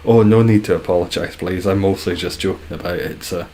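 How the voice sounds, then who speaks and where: Deep-voiced Scottish man, dry and joking. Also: quick pace, a little mellow, a little hiss or hum. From Scotland. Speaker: streamer. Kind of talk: casual stream chat.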